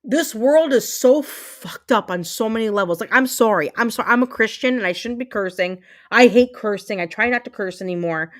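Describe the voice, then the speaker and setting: A woman's voice: a little high, normal speed, hardly any pauses. A woman in her thirties hosting a livestream, ranting with emphatic, repetitive, heated speech and swearing as she fumes. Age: 30s. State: fuming. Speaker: livestream host. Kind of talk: angry livestream rant.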